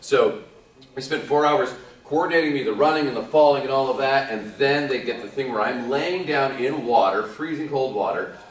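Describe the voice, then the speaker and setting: A man in his forties, an actor guest telling lively anecdotes to a convention audience, acting out what others said and laughing often. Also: medium pitch, moderate pace. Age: 40s. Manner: animated storyteller, acts out quotes, laughs often. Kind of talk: casual anecdote to a live audience. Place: convention hall. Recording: echoey hall, distant mic.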